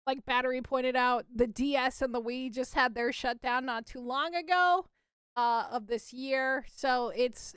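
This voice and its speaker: Chatty high-voiced woman podcast host. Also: fairly bright tone, clear, resonant tone, no echo. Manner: chatty, quick to laugh, many fillers. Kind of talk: casual chat.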